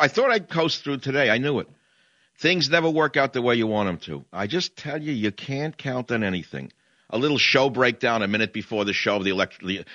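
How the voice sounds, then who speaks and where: A man's voice: medium pitch, sharp tone, dry recording, highs cut off. A man hosting a talk radio show, ranting in a combative, sarcastic monologue.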